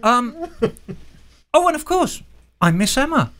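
Male podcast host; high, animated delivery, playful and teasing. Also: a little slow. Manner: teasing, laughs often. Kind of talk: casual group podcast chat.

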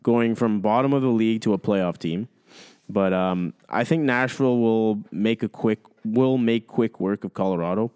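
A man with a fairly low voice co-hosting a casual hockey chat. He is agreeable and easygoing, backing up his partner with quick yeahs and laying out his predictions in a relaxed, unhurried way. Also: clear, resonant tone. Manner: agreeable, easygoing, lots of backchannel. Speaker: hockey podcast co-host.

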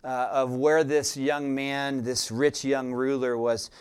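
A male pastor delivers a sermon in a smooth, resonant voice of ordinary pitch for a man. He preaches deliberately and reflectively, often pausing on "uh" as he gathers his thoughts. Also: level tone.

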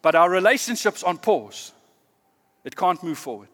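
A man's voice: high-pitched, animated. Earnest man preaching in a reverberant hall. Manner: earnest, measured, drops to quiet emphasis. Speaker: pastor. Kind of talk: sermon.

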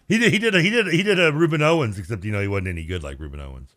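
A man's voice: mid-range voice, rapid-fire, fairly bright tone. A man co-hosting a sports radio show in a studio, chatting casually, laughing often and rambling through fillers. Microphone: close studio mic.

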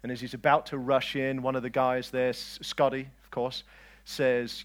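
A man preaching a lively sermon, swinging between loud declarations and quiet asides and joking with his listeners. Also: mid-range voice, fairly quick, few pauses. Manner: jokes with the audience.

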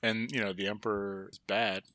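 A man's voice: lowish voice, level tone, moderate pace, pushed and bright, dry recording. A man playing a tabletop game with friends, joking and irreverent. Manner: jokey and irreverent. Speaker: player. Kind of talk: casual chat at a game table.

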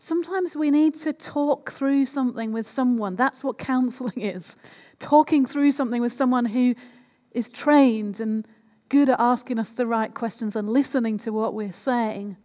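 A woman's voice: fairly high pitch, normal speed, hardly any pauses, warm tone. A woman preaching a sermon in a conversational way, often turning to the listeners with questions. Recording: long hall reverb.

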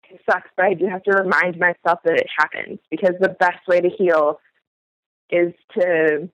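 A podcast host telling a personal story candidly, in a halting, thinking-aloud way. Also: mid-range voice, no room sound, highs cut off.

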